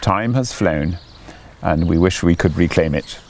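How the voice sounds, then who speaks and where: An older man, a priest leading morning prayer outdoors in a garden, talking gently and chattily with a few fillers. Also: sits low, a little slow, a little hiss or hum. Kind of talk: gentle devotional talk. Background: faint birdsong.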